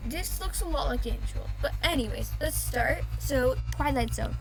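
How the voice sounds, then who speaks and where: A woman's voice: high-pitched, animated, moderate pace, few pauses, noisy background. A young woman giving rambling, casual commentary over a video game and often correcting herself mid-sentence. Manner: rambling, self-correcting, chatty. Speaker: gaming video host.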